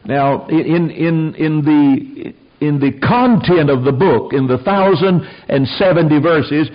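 Folksy preacher man, husky, lo-fi radio. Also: on the high side. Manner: folksy, emphatic, quick asides. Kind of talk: sermon. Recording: dull lo-fi radio broadcast.

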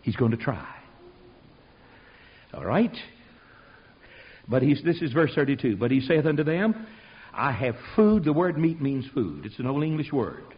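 Animated folksy preacher, lo-fi recording. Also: male voice, mid-range voice, measured pace, long pauses. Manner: folksy storytelling, swings from loud to hushed. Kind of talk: animated sermon with acted-out voices. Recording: dull lo-fi sermon recording.

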